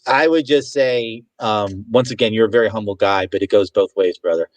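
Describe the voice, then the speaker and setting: A man talking as a guest in a casual online chat, earnest and measured in his manner. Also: fairly low pitch, no room sound, rough recording. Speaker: guest, real estate agent.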